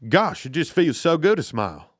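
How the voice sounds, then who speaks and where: A man's voice: on the high side, very animated, moderate pace, no echo, studio quality. A man putting on a mocking impression of an earnest, emotional male quarterback answering a press question. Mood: gushing earnest. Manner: sincere, gushing, mocking impression.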